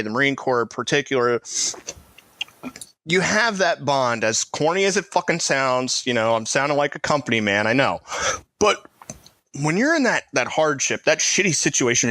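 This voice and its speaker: A man's voice: medium pitch, moderate pace, dry recording. Profane, storytelling male veteran host. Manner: profane, animated anecdotes with laughter. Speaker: podcast co-host, Marine veteran. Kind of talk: casual storytelling chat.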